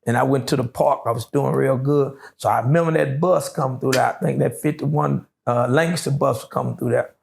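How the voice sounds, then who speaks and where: A middle-aged man telling his life story in an interview, slow and drawling with many fillers. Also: medium pitch, fairly even intonation, gravelly, a little hiss or hum. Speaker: interview guest.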